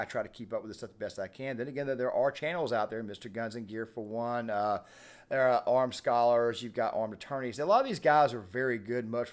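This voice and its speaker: This is a man speaking off the cuff on his own channel, emphatic and animated. He stumbles over uhs and restarts as he builds his points. His voice sits at an ordinary middle pitch for a man. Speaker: political commentary channel host. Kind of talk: unscripted political commentary.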